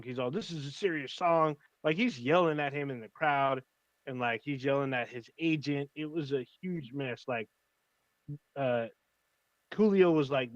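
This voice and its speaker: A man's voice: medium pitch, no echo, dull audio. A man co-hosting a casual livestream chat, rambling and enthusiastic, swearing freely. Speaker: podcast co-host.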